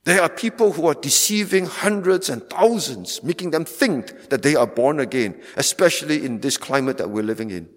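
A man's voice: fairly high pitch, expressive, moderate pace, few pauses. A man preaching a sermon, emphatic, stressing points by repeating phrases. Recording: long hall reverb.

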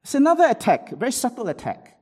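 A man preaching a sermon, swinging between loud rhetorical questions and low asides, and reading quotations aloud from books. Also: wildly swooping pitch, quick pace.

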